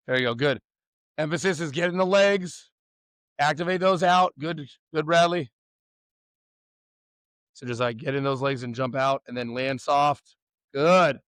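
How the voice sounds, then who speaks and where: Upbeat male pitching coach, slightly high voice, teasing, shouting cues, dry room. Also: measured pace, pauses often, clear, resonant tone, no echo. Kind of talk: coaching a youth warm-up.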